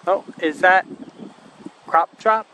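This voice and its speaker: A man filming wildlife outdoors by a marsh, musing aloud and soothing a bird in a gentle, coaxing way. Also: high-pitched, takes it slowly. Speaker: wildlife videographer. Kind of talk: casual narration while filming. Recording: outdoor wind and ambient noise. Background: wind, birds and passing vehicles.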